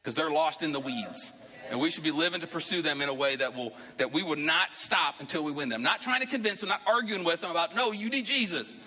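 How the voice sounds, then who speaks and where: A man's voice: on the high side, lively intonation, fast talker, bright, forceful tone, long reverb tail. A man preaching a sermon to his church as pastor, talking conversationally and rising into emphatic bursts. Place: church sanctuary.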